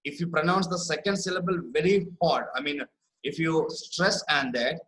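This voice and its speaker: A man leads an online spelling lesson in a bright, ringing voice pitched a little high. He explains with patience, says example words over and over, and keeps asking "right?" to see whether the class follows. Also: moderate pace, poor audio. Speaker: English spelling teacher.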